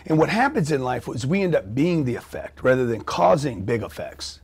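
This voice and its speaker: A man's voice: medium pitch, sing-song, normal speed, a little mellow, breathy edge. A man speaking as an interview guest, brash and blunt, swearing freely. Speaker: guest, entrepreneur. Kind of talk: casual interview chat.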